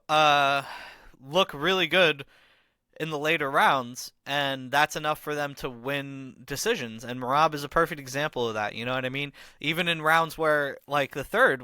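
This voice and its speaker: Guy rambling through a fight breakdown on his podcast, bright crisp voice, lots of ums and bro. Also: medium pitch, no echo. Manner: rambling, frequent fillers and casual slang. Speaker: podcast host. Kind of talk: casual fight analysis monologue.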